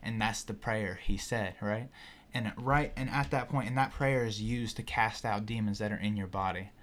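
Animated young man telling a wild story. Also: on the low side, moderate pace. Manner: animated, profane, many fillers like "you know". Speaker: podcast guest. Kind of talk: casual storytelling.

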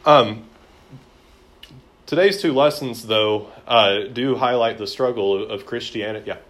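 A man's voice: medium pitch, a little slow, fairly bright tone. A man teaching a church history class in a conversational lecture, with frequent fillers and repeated words.

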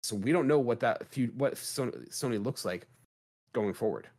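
A man's voice: medium pitch, moderate pace, a little mellow. Guy on a gaming podcast, casual chat, keeps hammering his point. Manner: emphatic, rhetorical questions. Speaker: podcast co-host.

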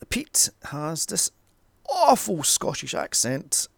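Gravelly, sarcastic man. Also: medium pitch, dry recording. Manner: sarcastic and sweary, with mocking asides. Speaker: film recap reviewer. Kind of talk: sarcastic comedic movie recap.

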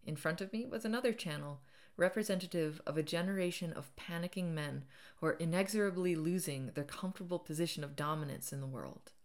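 A woman reading her own memoir aloud as an audiobook, dramatic, rising loud at times and falling nearly to a whisper. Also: on the low side, fairly quick. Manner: dramatic, swells loud and drops to near whisper.

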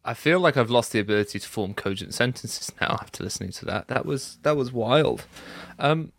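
A man in a casual discussion over a video call, analytical and halting. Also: medium pitch, lively intonation, fairly bright tone, no room sound, clean studio sound. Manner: analytical, halting, restarts often. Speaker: podcast co-host.

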